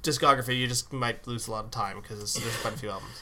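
A man co-hosting a podcast, chatting casually about music and laughing easily. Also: medium pitch. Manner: relaxed, chatty, quick to laugh. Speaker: podcast co-host. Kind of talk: casual chat.

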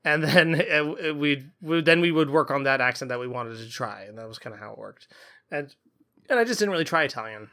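A man's voice: mid-range voice, lively intonation, fairly quick, sharp tone. A man co-hosting a music podcast in casual chat, rambling and hesitant with lots of restarts. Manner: rambling, hesitant, self-deprecating. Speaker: podcast co-host, voice actor.

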